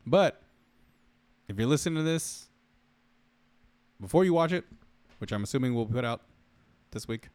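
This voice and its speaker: Joking mid-pitched man, casual podcast. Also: lively intonation, moderate pace, long pauses, a little mellow, clear, resonant tone, no echo. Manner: joking, teasing, offhand. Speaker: podcast co-host. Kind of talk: casual chat.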